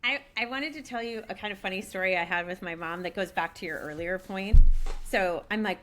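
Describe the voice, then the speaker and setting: A woman guest on a podcast, chatting casually and telling lively stories with frequent laughter. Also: mid-range voice, brisk, slight background noise. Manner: lively storyteller, laughs often. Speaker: guest, AI executive.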